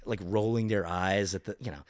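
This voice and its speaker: A man's voice: low-pitched, a little fast, no room sound. A man telling an anecdote in casual podcast chat, talking with lots of fillers and acting out other people's voices. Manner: animated storyteller, lots of fillers, acts out voices. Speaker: actor telling a story.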